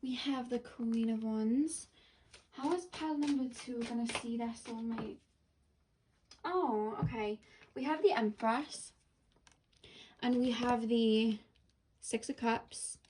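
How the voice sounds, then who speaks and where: A woman's voice: fairly high pitch, takes it slowly, pauses often, darkish tone, recorded from a distance, slight background noise. A woman giving a pick-a-card tarot reading, rambling and full of "like" and self-corrections. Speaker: tarot reader.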